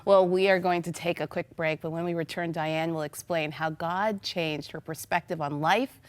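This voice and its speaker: A woman hosting a faith talk show, guiding her guest with gentle prompts and soft affirmations. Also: fairly low pitch, steady tone, moderate pace.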